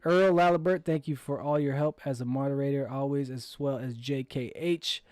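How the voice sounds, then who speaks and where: A man's voice: medium pitch, fairly even intonation, moderate pace, a little mellow, dry recording. Easygoing male livestream host, dry sound. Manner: reads viewer comments aloud and answers them in an easygoing way. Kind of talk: casual livestream chat.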